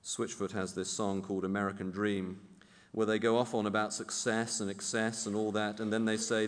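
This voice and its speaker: A man's voice: lowish voice, little pitch movement, moderate pace. A man preaching a sermon in a church, emphatic and building to fervent peaks. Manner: emphatic, rising to fervent intensity. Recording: long hall reverb.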